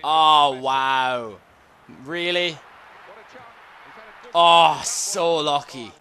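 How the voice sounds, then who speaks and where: A man hosting a gaming channel, commentating a football match live, excitable, yelling at the game and swearing. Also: a little high, extremely slow.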